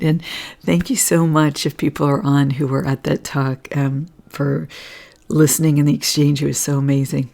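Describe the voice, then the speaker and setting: A hoarse woman hosting a casual livestream talk, chatty, often laughing and clearing her throat. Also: sits low, level tone, moderate pace, warm tone. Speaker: host presenting Schumann resonance readings.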